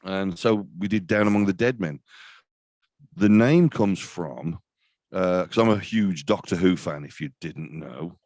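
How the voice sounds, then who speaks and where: Deep-voiced man in his fifties, rambling. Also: measured pace, a little mellow, dry recording. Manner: rambling, self-deprecating, many restarts. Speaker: guest, death metal vocalist. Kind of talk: casual interview chat.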